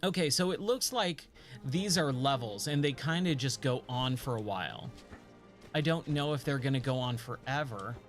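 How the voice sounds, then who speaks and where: Soft music sits under a gaming streamer whose mid-range voice is animated and normal in speed. Playing along, he talks to himself, jokes, and chats with viewers in a casual let's-play.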